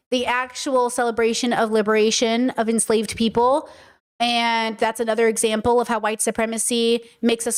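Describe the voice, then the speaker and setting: A woman's voice: fairly high pitch, clear, resonant tone. A young woman hosting a casual livestream podcast, talking in an emphatic, chatty way with many fillers and restarts. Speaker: podcast host.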